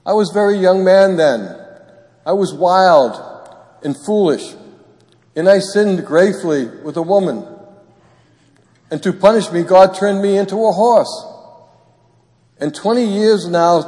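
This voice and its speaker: Pleading young servant, raised and earnest, put on by a priest, long church reverb. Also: male voice, high voice, measured pace, pauses often, a little mellow.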